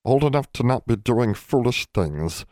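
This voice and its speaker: A man's voice: mid-range voice, lively intonation, moderate pace, darkish tone, no echo, studio quality, voice pushed up, natural voice. A man putting on a timid, stammering female house elf. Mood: fretful. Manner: stammering, broken grammar.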